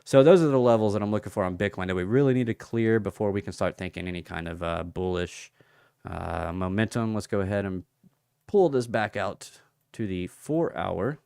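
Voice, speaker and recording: A man's voice: on the low side, normal speed, vocal fry, a little mellow, clean tone, dry recording, clean studio sound. A man hosting a casual livestream, chatting with viewers and reading out their comments while talking through charts. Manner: chatty, reads out viewer comments and thinks aloud. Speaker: crypto livestream host.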